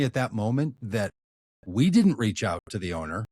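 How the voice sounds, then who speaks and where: A man with a fairly low voice tells a story as a podcast guest, loose and anecdotal. He drifts into quiet asides at the end of his sentences. The sound is dry and close. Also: big pitch swings, normal speed, slightly rough, no room sound. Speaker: podcast guest, activist and author. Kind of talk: storytelling in conversation.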